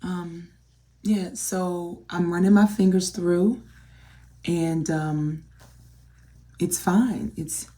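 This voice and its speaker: Woman vlogger, casual home chat, animated, exasperated. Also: lowish voice, extremely slow, long pauses. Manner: animated, exasperated rhetorical questions; addresses viewers as y'all. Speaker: beauty vlogger.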